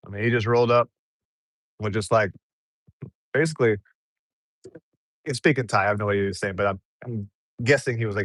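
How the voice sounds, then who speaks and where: A man's voice: fairly low pitch, brisk, long pauses, a bit bright, no room sound. A young American man chatting casually in a travel eating vlog, laid-back and rambling, with frequent chuckles. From United States. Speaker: travel vlogger. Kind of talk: casual mukbang vlog chat.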